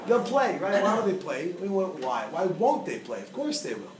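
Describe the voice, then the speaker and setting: A man giving a humorous teaching talk to a live audience, quizzing them with quick questions. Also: high-pitched, sing-song. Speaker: speaker teaching a class. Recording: echoey room, distant mic, noisy.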